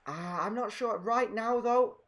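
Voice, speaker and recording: A man's voice: high voice, unhurried, fairly bright tone. A man co-hosting a casual fan Q&A, chatty as he reads out viewer questions while playing a game. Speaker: channel co-host. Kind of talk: casual Q&A chat while gaming.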